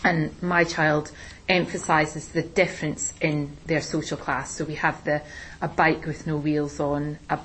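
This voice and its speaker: A woman teacher explaining a play in a relaxed discussion, with plenty of ums and restarts. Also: sits low, a little slow, a little hiss or hum, rough recording. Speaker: English teacher. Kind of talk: recorded literature lesson discussion.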